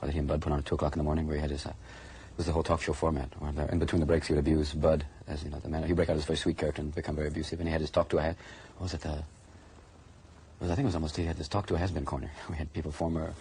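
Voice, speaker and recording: A man in a documentary interview, telling stories rapidly and with animation. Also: extremely low pitch, husky. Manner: rapid, animated storytelling that bursts into shouted quotes. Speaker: interviewee recalling a friend.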